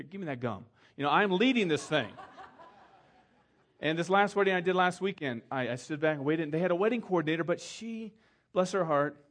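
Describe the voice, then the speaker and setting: This sermon comes from a middle-aged pastor whose voice sits on the high side. He narrates in a chatty, story-like way, dramatizing the people he quotes and turning soft for emphasis.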